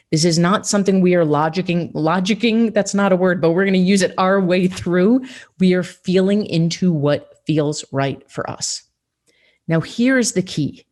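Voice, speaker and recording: Upbeat woman coaching, low-pitched. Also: darkish tone. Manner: emphatic, upbeat, coaching directly to the listener. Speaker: podcast host. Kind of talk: motivational solo podcast.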